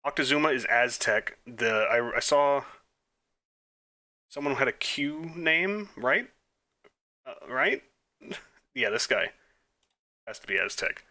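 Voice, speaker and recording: A man's voice: mid-range voice, sharp tone. A man playing an online trivia quiz and thinking aloud, muttering answers, breaking into flustered outbursts and mocking himself. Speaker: gaming YouTuber. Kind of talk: quiz playthrough commentary.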